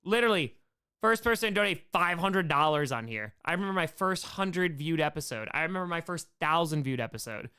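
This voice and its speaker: A man's voice: fairly high pitch, lively intonation, a little fast, bright, forceful tone, clear, resonant tone. A man hosting a casual live-stream Q&A, upbeat and rambling, thanking viewers by name, his voice a bit worn from hours of talking. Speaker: live-stream host answering chat questions.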